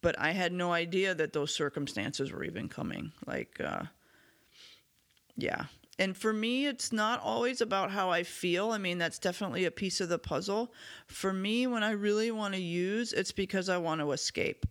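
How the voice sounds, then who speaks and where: A man with a somewhat high, sharp and bright voice hosts a recovery podcast on his own. He speaks in an earnest, candid and self-reflective way. His voice is a little hoarse, and he clears his throat from time to time. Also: expressive, normal speed. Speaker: podcast host. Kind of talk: solo recovery podcast talk.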